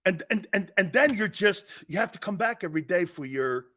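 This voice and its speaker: A middle-aged man with an East Coast American accent, hosting a sports talk show in brash, loud, joking banter. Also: sits high, expressive, brisk, a little hiss or hum. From Northeastern United States. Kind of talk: casual live show banter.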